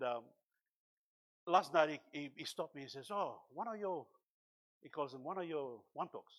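Pastor preaching in church, man, high voice, passionate bursts. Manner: impassioned preaching with sudden loud bursts and exclaimed hallelujahs. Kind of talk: sermon.

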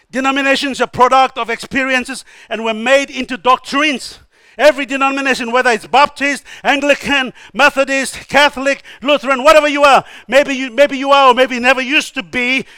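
A male preacher with a very high, bright and forceful voice, recorded close and dry with almost no room sound. He preaches emphatically and often calls out hallelujah. His delivery swings from hushed asides to loud exhortation. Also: clear, resonant tone, no room sound. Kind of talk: sermon.

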